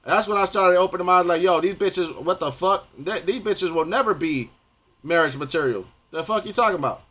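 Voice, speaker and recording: A young man rants on a gaming stream in a high, fairly bright voice at a brisk clip. He's profane and rambling, stumbling over restarts and repeating himself.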